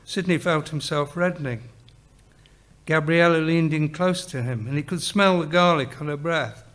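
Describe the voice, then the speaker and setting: A man reads his own short fiction aloud in a steady, measured way. His voice sits slightly high for a man. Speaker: author reading his story.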